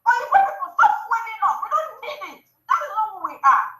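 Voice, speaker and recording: A woman pours out fervent questions on a talk show, her voice pitched extremely high and sharp. Her words ring in a room with a noticeable echo. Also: big pitch swings, a little fast. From Biafra region, southeastern Nigeria. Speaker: co-host. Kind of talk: impassioned talk-show discussion. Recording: roomy echo.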